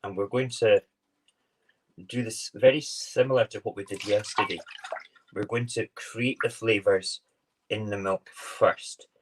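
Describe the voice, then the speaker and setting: A man's voice: fairly low pitch, steady tone, measured pace, noisy background. A man hosting a casual morning live stream from his home kitchen on his phone, talking in a chatty, rambling, playful way.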